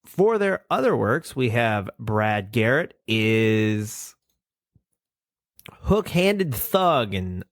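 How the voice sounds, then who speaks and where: A man's voice: lowish voice, sing-song, drawn-out words, no room sound, clean studio sound. A man with a nasal voice co-hosting a casual podcast, reading definitions and cast lists aloud and swearing casually. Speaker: podcast co-host.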